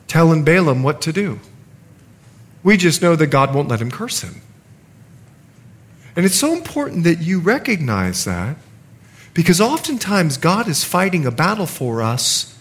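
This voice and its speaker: A middle-aged man preaches with a high, bright pitch that swings widely up and down as he tells stories. He keeps things humorous, slipping into other people's voices in his own retellings, and his delivery stays animated from line to line. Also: slightly rough. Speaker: pastor. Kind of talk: sermon with storytelling.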